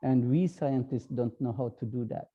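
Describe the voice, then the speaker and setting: A man with a Filipino accent, a priest giving an online talk, speaking slowly and haltingly with many fillers. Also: mid-range voice, mellow, muffled recording, slight background noise. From Philippines. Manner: slow, halting, with frequent fillers.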